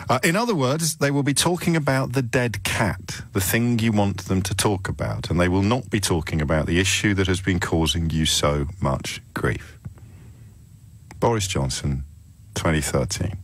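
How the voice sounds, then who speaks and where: A man's voice: sits low, dry recording. A middle-aged man hosting a radio phone-in, delivering a sardonic monologue full of incredulous rhetorical questions into a studio microphone.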